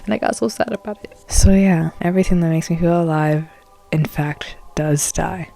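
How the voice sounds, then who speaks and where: Animated young woman musician vlogging. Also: lowish voice, moderate pace, vocal fry. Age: late teens. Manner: animated, dramatic and candid. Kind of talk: casual vlog talk.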